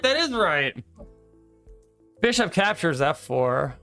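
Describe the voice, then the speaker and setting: A man's voice: a little high, sing-song, normal speed, sharp tone, faint music behind. A man casually calling out chess moves while replaying a game, joking, laughing often and swearing. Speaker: co-host reviewing his chess game. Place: streaming setup.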